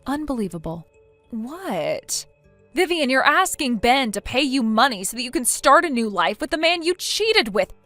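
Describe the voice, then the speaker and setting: Tts lady doing a blunt bossy friend, lectures hard, highish voice jumping all over, faint music under it. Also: big pitch swings, normal speed, sharp tone, dry recording, full character voice. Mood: scolding. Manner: stern, lecturing. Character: blunt young woman scolding her friend. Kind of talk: text-to-speech text story narration.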